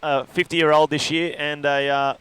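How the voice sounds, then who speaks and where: A man's voice: fairly high pitch, flat delivery, normal speed, a bit bright, smooth. A man giving loose, rambling live commentary on a surf contest, breaking down each ride. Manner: loose, rambling analysis with fillers.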